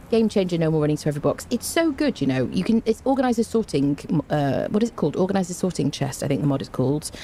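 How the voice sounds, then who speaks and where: A woman's voice: deep voice, dark tone, a little hiss or hum. A woman streaming a game, chatting casually and greeting her viewers by name, laughing often. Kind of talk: casual livestream chat.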